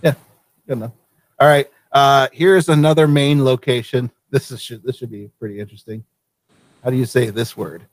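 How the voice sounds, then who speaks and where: A man from Vermont hosting a casual live show, easygoing and quick to laugh. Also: medium pitch, fairly even intonation, no room sound. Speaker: show host.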